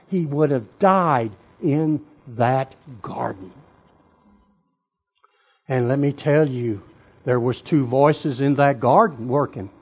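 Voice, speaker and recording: A man preaching a sermon with drama, moving from hushed, quiet lines to loud shouting. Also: on the high side, breathy edge, lo-fi sound.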